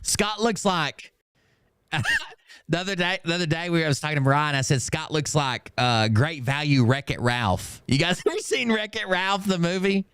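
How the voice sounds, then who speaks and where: A man's voice: fairly high pitch, expressive, normal speed, fairly bright tone, clear, resonant tone, dry recording, studio quality. A man hosting a stream, reading viewer comments aloud in casual, mocking commentary and laughing often.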